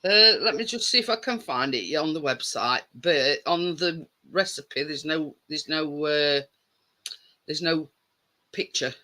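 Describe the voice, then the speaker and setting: A woman's voice: low voice, unhurried, pushed and bright. A woman hosting a live stream, chatting casually and rambling with repeated words and restarts.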